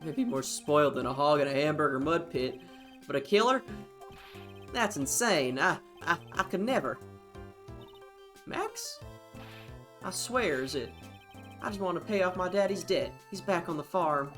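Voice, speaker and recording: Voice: medium pitch, unhurried, pauses often, a bit bright, soft background music, natural voice. A player putting on a drawling Southern country boy. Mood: earnest. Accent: Southern US, put on. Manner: pleading, drawling. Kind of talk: reading game dialogue aloud.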